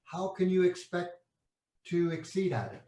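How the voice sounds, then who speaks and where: A man's voice: sits high, animated, a little slow, mellow, roomy sound. A man from Canada, a company executive, explaining his products in an interview, asking rhetorical questions and using everyday analogies, with frequent restarts.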